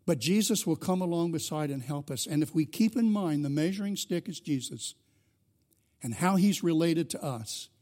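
A man preaching to his congregation with a notably high-pitched voice. He speaks earnestly, slowing down for emphasis and swelling into fervent declarations. He sounds middle-aged, like an experienced pastor. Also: lively intonation, mellow. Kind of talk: sermon.

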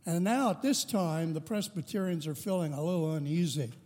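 A man preaching a sermon as pastor, deliberate and measured, with joking asides to the congregation. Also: a little high, expressive, a little mellow, in a large hall. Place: church sanctuary.

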